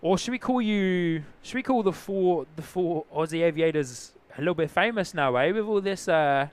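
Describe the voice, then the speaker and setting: A man's voice: sits high, expressive, moderate pace, clean tone. A man with a New Zealand accent hosting a casual live plane-spotting stream outdoors, chatting and greeting viewers. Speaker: livestream host, plane spotter. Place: outdoors near an airport.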